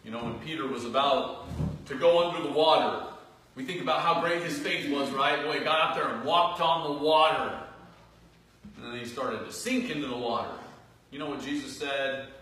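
Earnest man preaching in a very echoey hall. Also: moderate pace. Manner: earnest, swinging between raised emphatic phrases and soft low asides. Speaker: pastor. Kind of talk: sermon. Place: church sanctuary. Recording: distant, very echoey church hall recording with faint noise.

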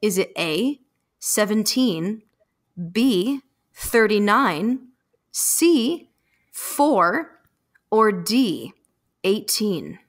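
A woman hosting a casual podcast quiz, reading out the questions and multiple-choice options in a slow, playful way. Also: medium pitch, very animated. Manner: playful, reads options slowly.

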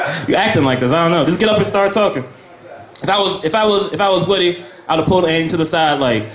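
Young american man, stand-up comic, high voice, laid-back, rambling, echoey cafe room. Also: lively intonation, fast talker, fairly bright tone. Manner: laid-back, rambling, laughs at his own jokes. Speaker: stand-up comedian. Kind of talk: stand-up set at an open mic. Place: small cafe comedy night.

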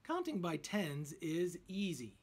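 Calm, clever young woman sleuth, a man doing her, husky tone. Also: fairly high pitch, slow, exaggerated voice.

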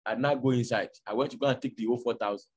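A man's voice: medium pitch, very fast, breathy edge. A man with a Nigerian accent preaching a sermon, telling stories and acting out conversations. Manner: storytelling, animated, acts out dialogue. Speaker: pastor.

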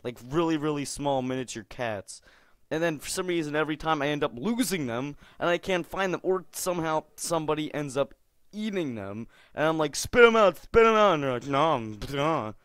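A young man giving silly, rambling commentary on a game, jumping from mumbles to squealing shouts. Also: on the high side, fairly quick, smooth, no room sound, studio quality. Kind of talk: goofy gameplay commentary.

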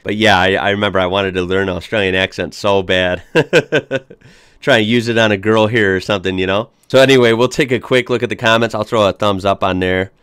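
A man's voice: lowish voice, steady tone, a little fast, a bit bright, clear, resonant tone, no room sound, studio quality. A young American man hosting a reaction video, chatting casually and upbeat with frequent fillers and restarts. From United States.

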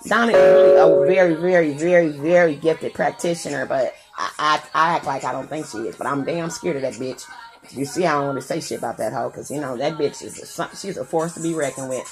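A woman's voice: sits low, fairly quick, faint music behind. A woman vlogger chatting casually on a live stream, crude and rambling, joking and singing along.

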